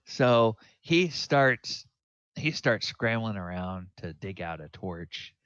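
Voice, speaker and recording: Male game master, very low, unhurried delivery, dry dull lo-fi sound. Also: lively intonation, a bit bright, smooth, dry recording. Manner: halting, many fillers and restarts, musing aloud. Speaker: dungeon master. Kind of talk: narrating a tabletop game.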